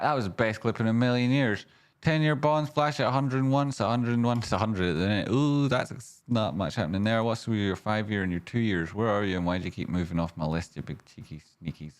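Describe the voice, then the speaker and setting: A man's voice: fairly low pitch, fairly quick. A man hosting a live stream, chatting and thinking aloud as he walks through stock charts with jokey asides.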